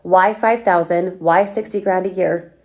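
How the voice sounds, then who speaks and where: A woman coaching on a livestream, talking energetically and firing off questions at her viewers as she reads their comments. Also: fairly low pitch. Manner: energetic, chatty, asks rapid questions. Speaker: online business coach.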